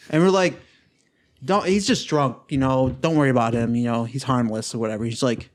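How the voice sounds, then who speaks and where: A young man and podcast co-host telling a party story in casual chat, acting out quotes and swearing a lot. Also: moderate pace. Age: young adult. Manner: animated storyteller, acts out quotes with big pitch jumps, swears a lot.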